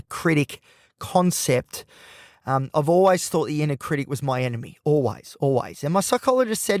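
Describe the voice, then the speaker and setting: A man's voice: fairly high pitch, no echo, studio quality. A man hosting a podcast, speaking in a rambling, emotional, personal monologue, often breaking off and restarting his sentences. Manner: rambling, emotional, self-interrupting. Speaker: podcast host.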